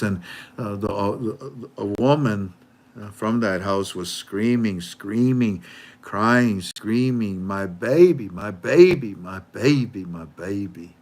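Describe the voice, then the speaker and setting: Halting older man telling a story. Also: fairly low pitch. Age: 70s. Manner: halting, repeats words while searching for them. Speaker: channel host. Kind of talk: heartfelt storytelling with a religious close.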